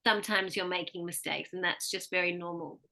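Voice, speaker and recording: A woman's voice: on the low side, fairly even intonation, fairly quick, vocal fry, sharp tone. An Australian woman giving a one-on-one pronunciation lesson, patiently explaining and modeling words for her student to repeat. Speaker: pronunciation coach.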